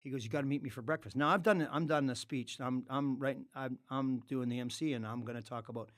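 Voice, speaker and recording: A middle-aged man, a former hockey player, telling stories as a podcast guest in a studio. He swears freely and breaks into loud outbursts. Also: mid-range voice, fast talker, no room sound. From Canada. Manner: animated, profane storyteller with loud outbursts. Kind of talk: casual storytelling.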